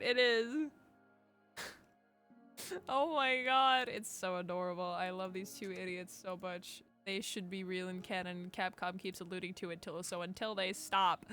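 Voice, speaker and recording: A woman's voice: fairly low pitch, a little slow, long pauses, bright, forceful tone. A woman streamer reading fan fiction aloud on a desk microphone, gushing, giggly and swearing freely between passages. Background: faint background music.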